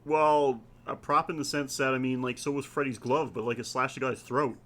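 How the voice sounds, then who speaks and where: A man co-hosting a podcast in casual chat, laid-back and halting, often laughing as he talks. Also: medium pitch, fairly even intonation, a bit bright. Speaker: podcast co-host.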